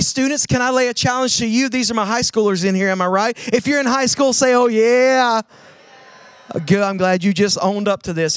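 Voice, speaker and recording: A man preaching a sermon, calling on the audience to answer and swinging between loud urging and hushed emphasis. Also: sits high, no echo, studio quality. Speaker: pastor.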